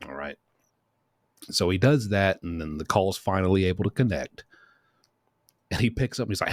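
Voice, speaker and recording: Low-voiced man giving casual commentary. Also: normal speed, pauses often, no room sound. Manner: chatty, shifts into quoted voices. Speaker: host.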